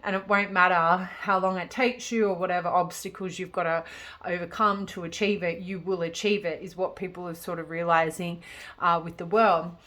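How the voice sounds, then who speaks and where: A woman's voice: lowish voice, fairly even intonation, moderate pace, fairly bright tone. A woman giving a casual pick-a-card tarot reading, chatty and rambling, with many fillers and restarts. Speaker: tarot reader.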